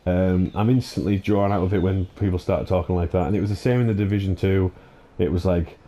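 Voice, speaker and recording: A man's voice: sits low, fairly even intonation, dark tone. Exasperated sweary man ranting. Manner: exasperated, sweary, halting with many fillers and restarts. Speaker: gaming channel host. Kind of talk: ranting commentary over gameplay.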